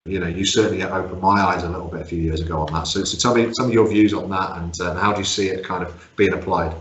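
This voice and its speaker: A man's voice: low voice, fairly even intonation, fast talker, a bit bright, slight background noise. A man hosting an interview, asking questions with lots of fillers and short encouraging replies. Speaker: podcast host. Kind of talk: conversational interview. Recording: roomy muffled audio.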